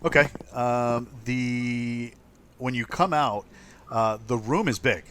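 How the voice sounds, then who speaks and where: A man's voice: medium pitch, slow, clean tone. A man narrating as game master for a tabletop game, talking loosely with many ums and uhs. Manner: relaxed, full of ums and uhs.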